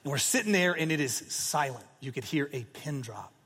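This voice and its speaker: A man in his forties preaching a sermon, telling a story in a relaxed, conversational way with plenty of fillers. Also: fairly high pitch, moderate pace, breathy edge, big-room sound. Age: 40s. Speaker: pastor.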